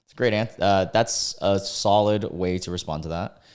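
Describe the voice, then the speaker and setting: A young American man with a slightly low voice chats casually as he reacts to what he reads. He laughs often, trails off, and restarts his sentences. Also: normal speed, darkish tone, clear, resonant tone. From United States. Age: 20s. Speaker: YouTuber reacting to dating app posts.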